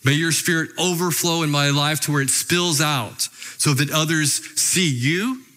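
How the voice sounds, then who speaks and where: A man's voice: fairly high pitch, moderate pace, sharp tone. A male preacher delivering a sermon, emphatic and asking his listeners rhetorical questions. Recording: long hall reverb.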